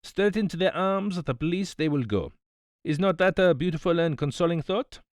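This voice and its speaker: A man's voice: a little high, normal speed, no echo, clean studio sound, voice pushed up, close to an everyday voice. A man voicing a fussy, smug older detective, politely reproving, in an audiobook. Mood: smug, precise. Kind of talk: audiobook character voice.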